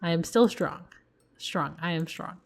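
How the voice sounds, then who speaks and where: A woman voicing children pretending to be their dad in text messages, stiff and deadpan. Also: on the low side, unhurried, vocal fry.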